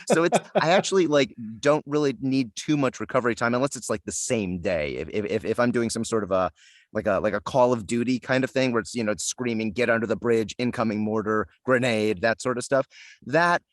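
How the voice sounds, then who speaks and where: A man's voice: mid-range voice, brisk, no echo. Chatty man in a dry, close room. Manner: chatty, self-deprecating, lots of fillers and restarts. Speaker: voice actor guest. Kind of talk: casual interview chat.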